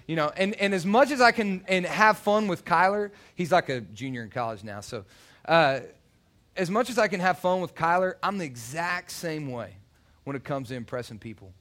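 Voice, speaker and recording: A man's voice: fairly high pitch, fairly bright tone. A man preaching a sermon, telling personal stories in a loose, conversational way with many restarts. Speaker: youth pastor.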